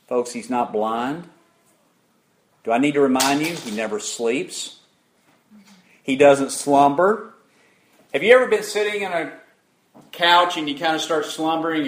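A man preaching an interactive sermon, putting questions to the congregation in an emphatic, deliberate way. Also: medium pitch.

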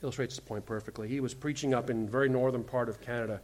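A pastor preaching a sermon, telling a story and earnestly pleading with the listeners, building up to forceful emphasis. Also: male voice, medium pitch, steady tone, very fast. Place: church.

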